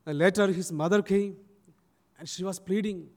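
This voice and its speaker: A man's voice: high-pitched, steady tone, moderate pace, darkish tone. A man preaching a sermon, telling a story and acting out its people. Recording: long church reverb.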